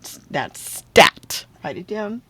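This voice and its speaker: Slow, patient woman teaching phonics. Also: deep voice, animated, fairly bright tone, dry recording. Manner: patient, sounds out syllables and checks in with "okay?" and "right?". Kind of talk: phonics lesson video.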